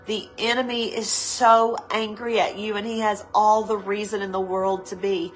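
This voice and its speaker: A woman pastor giving a live devotional sermon, earnest and pleading, repeating her phrases and slowing down to linger on words, teary-eyed. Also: medium pitch, little pitch movement, soft background music, poor audio.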